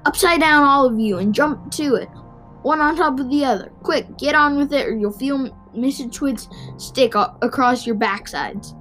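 A man's voice: very high voice, normal speed, faint music behind, pitched above the performer's own voice. A man voicing a nasty, bossy old man who barks orders at his pets. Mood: barking orders. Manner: shouted commands, bossy.

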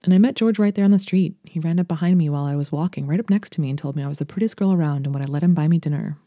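A woman from Brooklyn narrates a literary short story in a steady, intimate way. Her voice is deep-toned and mellow, and she moves briskly through the sentences. The sound is dry and close, with no room around it. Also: dry recording. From Brooklyn, New York. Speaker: podcast host and writer.

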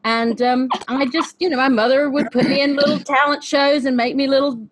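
Higher-voiced woman, amused and chatty. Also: fairly even intonation, fairly quick, a little hiss or hum. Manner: warm, amused, laughs often. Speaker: panel guest, singer. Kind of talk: casual conversation.

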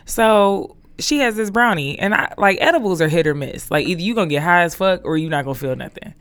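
A podcast co-host telling stories in casual chat, cursing freely and animated. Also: mid-range voice, brisk, clean tone. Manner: animated storyteller, cursing freely, acting out quotes in a raised voice.

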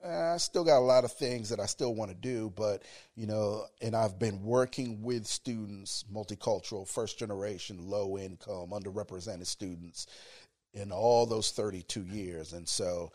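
This is a man in his fifties, a college educator, whose deep radio voice carries a reflective tone through a laid-back interview. He talks at a normal speed.

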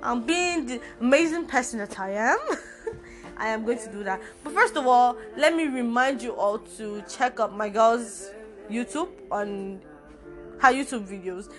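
A woman's voice: fairly high pitch, lively intonation, a little slow, faint music behind. A young adult woman hosting her own podcast, talking casually and informally, with playful asides. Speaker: podcast host. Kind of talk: casual solo podcast talk.

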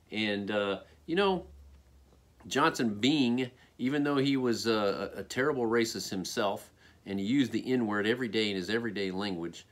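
Rambling American man, low voice. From United States. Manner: rambling, frequent "okay?" and "you know" fillers. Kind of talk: casual spoken opinion monologue.

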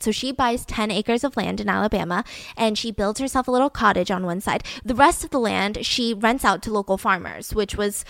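A young woman hosting a podcast, retelling a true-crime story in a chatty, animated way. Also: mid-range voice, brisk, vocal fry, no echo. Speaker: podcast host.

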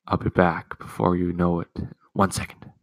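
A man's voice: low-pitched, monotone, moderate pace. A young man hosting a casual podcast from home, rambling through a profane, complaining story about his family. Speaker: podcast host. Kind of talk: casual rant.

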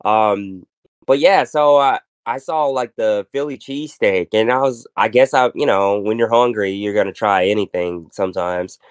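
This male podcast host has a fairly low, smooth voice and talks at a moderate pace with no echo. His casual chat drifts into rambling tales, heavy on fillers and restarted sentences.

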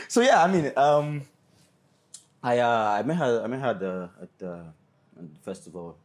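A man's voice: mid-range voice, very animated, normal speed. A man in his twenties, a business owner and podcast guest, telling stories in an earnest, rambling way. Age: 20s. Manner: earnest, rambling storyteller with many restarts. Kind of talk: casual interview chat.

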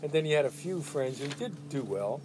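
A man in his fifties in casual chat, an animated storyteller who likes to mimic other people. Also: a little high, normal speed, noisy background.

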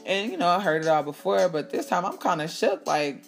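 A woman's voice: on the low side, fairly quick, creaky. Candid woman telling her story, faint music. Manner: candid, animated, swears freely, acts out quotes. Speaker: podcast host. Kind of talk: casual storytelling monologue.

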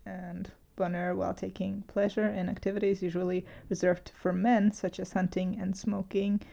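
Gravelly, mellow-voiced woman chatting casually. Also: medium pitch, moderate pace, muffled recording. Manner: relaxed, laughs often, reads aloud from sources. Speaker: podcast co-host. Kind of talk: casual chat.

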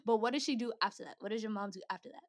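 A woman's voice: mid-range voice, rapid-fire. Chatty young woman giving a devotional talk. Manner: chatty, slangy, laughs often, acts out quotes. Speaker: speaker at a Christian gathering.

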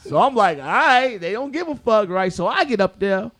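A comedian telling a story in casual chat, animated and profane, acting out what people said. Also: male voice, high voice, moderate pace. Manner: animated, profane, acts out quotes.

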